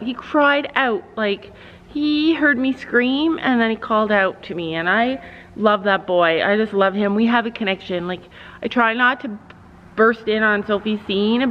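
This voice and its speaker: A chatty middle-aged woman with a fairly high voice tells a story to her vlog audience with lots of drama, breaking off to coo at her horses. The sound is a little dull and carries a long echo. A faint hum of ambience sits behind her. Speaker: family vlog host.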